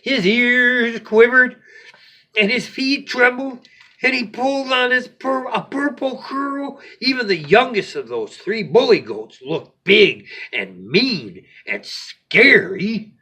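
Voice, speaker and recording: A man with a high, lively, bright voice reads a bedtime story slowly. His tone is slightly husky and playful. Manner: animated, playful.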